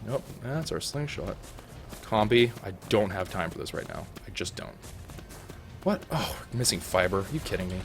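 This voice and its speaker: A young man giving jokey, excitable let's-play commentary, talking to the animals in his game. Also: deep voice, normal speed, vocal fry, faint music behind. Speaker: gaming YouTuber.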